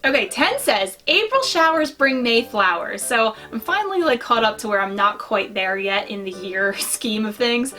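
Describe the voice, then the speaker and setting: A woman's voice: on the high side, a bit bright. A young adult woman chatting enthusiastically in a casual show-and-tell vlog, gushing over items from her collection. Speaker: pin collecting YouTuber.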